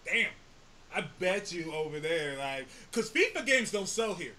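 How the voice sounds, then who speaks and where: High, bright-voiced joking male host. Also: big pitch swings, a little slow. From United States. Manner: loud, joking, laughs often, swears freely. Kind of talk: casual podcast chat.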